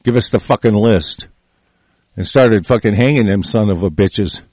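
A man hosting a show rants angrily about the news, swearing constantly, repeating himself and restarting often in a crude political tirade. His voice is lowish and darkish, at a normal speed, in a dry recording.

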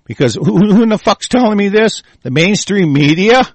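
A man's voice: sits high, expressive, moderate pace, dry recording. A man angrily ranting with constant swearing, reading news reports aloud and breaking in to attack them. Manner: profane, furious, reading news aloud and interrupting it. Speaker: commentator. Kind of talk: angry ranting commentary.

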